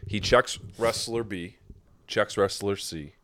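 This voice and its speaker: A man's voice: lowish voice, slow pace, fairly bright tone, dry recording. A man co-hosting a casual podcast who keeps cutting in to correct and dramatize the retelling. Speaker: podcast co-host. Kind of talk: casual storytelling chat.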